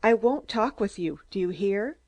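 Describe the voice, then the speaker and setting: A woman reading an audiobook, voicing a shrill, excitable small man who rants in staccato outbursts. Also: moderate pace. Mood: ranting.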